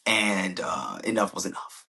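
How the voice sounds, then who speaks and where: A man with a husky, slightly breathy voice talks through a TV episode recap. His delivery is chatty and slangy, and he slips into little acted-out quotes as he goes. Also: deep voice, very animated, unhurried, pushed and bright. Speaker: podcast host.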